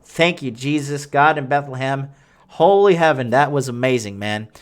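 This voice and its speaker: A young man hosts a podcast, answering listener questions in a crude, boastful, rambling monologue full of fillers and restarts. His voice sits at medium pitch and moves at a moderate pace.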